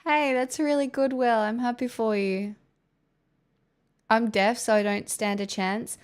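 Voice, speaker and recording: A woman's voice: on the high side, steady tone, a little slow, clear, resonant tone. An Australian woman livestreaming, chatting casually and answering viewers' messages with rambling restarts.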